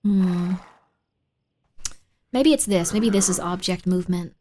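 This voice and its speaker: A woman streaming a spooky game, chatting playfully with viewers, dropping to whispers while searching and bursting into excited shouts. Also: on the low side, measured pace. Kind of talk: casual live-stream gaming chat.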